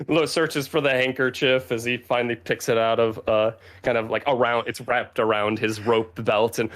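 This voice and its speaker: A man narrating a tabletop game as game master, unhurried and laughing at his own character voices. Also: mid-range voice, fairly bright tone.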